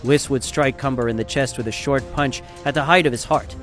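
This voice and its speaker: A man narrating a fan story in a steady, dramatic storytelling style. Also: mid-range voice, fairly quick, faint music behind.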